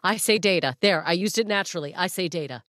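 A young woman from Canada, a comedian guest on a podcast, joking and chatting in an animated, rambling way. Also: lowish voice, fast, no echo, studio quality. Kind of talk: casual chat.

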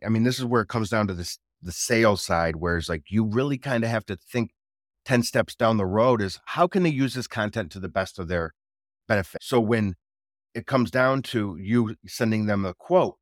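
A man guest talking casually about his business in an interview, energetic and repeating words for emphasis. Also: lowish voice, dry recording, studio quality. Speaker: guest, drone business owner.

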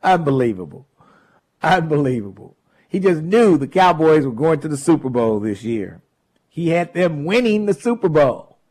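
Talk radio guy, lively up and down voice, laughs at callers a lot. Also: fairly high pitch, moderate pace. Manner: animated, laughs often, mocks callers. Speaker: radio talk show host.

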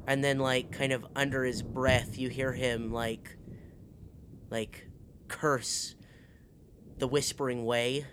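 A man narrating as game master of a tabletop game, halting, with many fillers and restarts. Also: medium pitch, little pitch movement, background noise.

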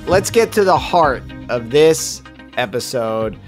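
A young man co-hosting a casual podcast chat, given to loud mock-tough bursts. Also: mid-range voice, expressive, takes it slowly, faint music behind. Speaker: podcast co-host.

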